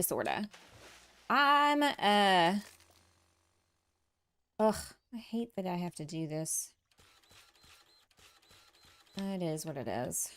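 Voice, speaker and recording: A woman streamer chatting casually with her viewers as she builds in a farming game, reading their comments aloud, laughing often and poking fun at herself. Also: medium pitch. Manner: chatty, self-deprecating, laughs often, reads and answers chat aloud. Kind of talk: casual livestream chat while building. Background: soft game music.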